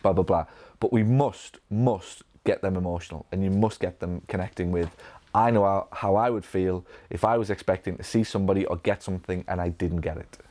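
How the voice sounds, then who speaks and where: A man from England with a Northern English accent, coaching physio business owners in a live Q&A, energetic, with many restarts and acted-out patient lines. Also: low-pitched, fairly quick. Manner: energetic, repetitive restarts, acts out patient dialogue. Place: event room.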